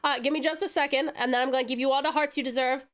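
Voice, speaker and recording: A woman's voice: high voice, steady tone, very fast, fairly bright tone. A woman from Australia, bubbly in casual live-stream chat, showering viewers with pet names and thanks. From Tasmania, Australia.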